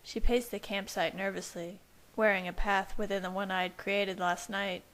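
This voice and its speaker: A woman reading fanfiction aloud as first-person narration in a steady, even manner. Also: medium pitch, moderate pace, low-quality recording. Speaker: fanfiction reader. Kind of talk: audiobook-style narration.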